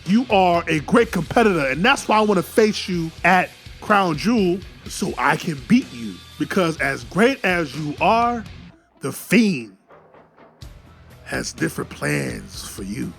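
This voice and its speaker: A man voicing a calm, menacing male wrestler who talks slowly and sinks low at the ends of his lines. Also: creaky, soft background music, exaggerated voice. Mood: brooding.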